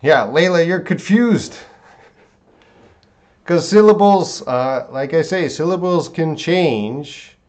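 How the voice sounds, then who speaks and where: A male English teacher runs a live-streamed pronunciation lesson, speaking at an unhurried pace. His pitch moves in a lively way as he stretches words out and repeats them syllable by syllable. Between words he answers viewers by name. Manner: drawn-out word repetition, reading viewer names.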